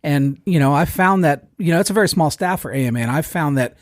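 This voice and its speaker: A middle-aged man on a podcast panel who talks quickly and earnestly, pushing his point. His voice sits in the middle range. The recording is dry and close. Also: a little high, lively intonation, dry recording. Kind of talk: casual chat.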